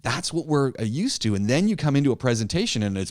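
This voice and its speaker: A man's voice: mid-range voice, lively intonation, fast, darkish tone. Encouraging male speaking teacher. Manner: encouraging, many repeated yeahs and restarts. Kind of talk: interactive class discussion.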